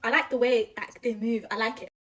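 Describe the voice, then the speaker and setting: A woman's voice: on the high side, steady tone, a little fast, far from the mic, a crowd in the background. A young woman answering a street interview enthusiastically, repeating her phrases.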